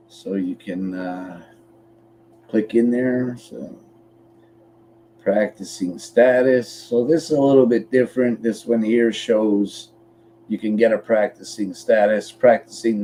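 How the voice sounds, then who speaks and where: Man, from Canada, podcast co-host, casual chat, blunt, swears freely, mellow warm tone, faint hum behind. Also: on the low side. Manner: walks through a website on screen step by step.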